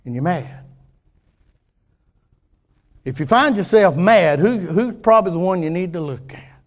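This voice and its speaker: An older preacher with a high, light voice delivers a homespun sermon. He repeats himself, restarts his sentences and drops from loud declarations into low, quiet asides. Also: lively intonation, a little slow.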